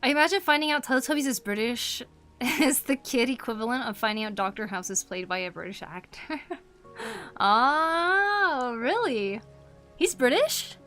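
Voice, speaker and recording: A woman's voice: fairly high pitch, a little fast, a bit bright, soft background music. A young woman chatting casually while she draws on a live stream, giggling often and reacting to her chat. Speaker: art streamer.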